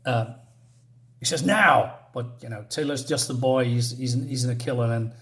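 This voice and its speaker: A man's voice: medium pitch, fairly even intonation, moderate pace, a little mellow. A man reviewing a comic book in a casual vlog, talking hesitantly with many fillers and restarts.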